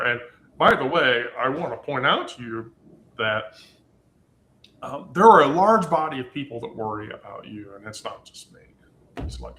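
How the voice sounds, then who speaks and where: A man's voice: mid-range voice, lively intonation, moderate pace, sharp tone, reverberant. A man hosting a podcast, chatting casually and rambling with lots of ums and you-knows. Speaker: podcast host. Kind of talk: casual chat.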